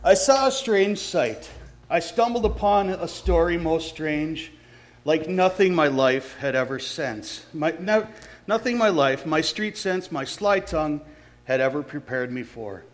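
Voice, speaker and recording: A man's voice: a little high, expressive, unhurried. A man, a pastor, reading a story aloud in a sermon, catching and correcting his small slips as he goes.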